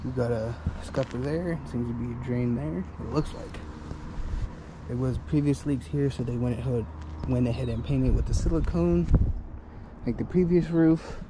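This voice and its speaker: In a casual walkthrough vlog, a young roofing salesman and foreman strolls across rooftops outside, loosely describing what he sees and sometimes running out of breath. He speaks at a moderate pace in a medium pitch, with outdoor noise in the background.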